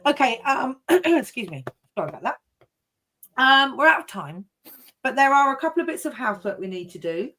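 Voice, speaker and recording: Bright-voiced woman hosting a chat. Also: high voice, big pitch swings, brisk. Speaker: host. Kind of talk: casual panel chat.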